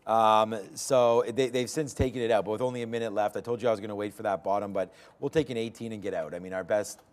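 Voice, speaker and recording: A man's voice: lowish voice, fairly even intonation, quick pace, clear, resonant tone. A man hosting a live day trading show from a studio trading floor, chatting casually about trades with loose fillers. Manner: loose and laughing, lots of fillers.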